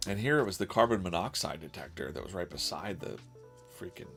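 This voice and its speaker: A man's voice: low voice, lively intonation, a little fast, fairly bright tone, soft background music. A man streaming live while drawing comics, chatting casually and rambling, with lots of laughs and silly quoted voices.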